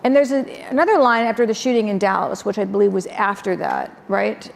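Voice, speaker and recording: Gravelly woman moderating a panel in a hall. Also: mid-range voice, a little fast. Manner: meandering questions full of ums. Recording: long hall reverb with faint noise.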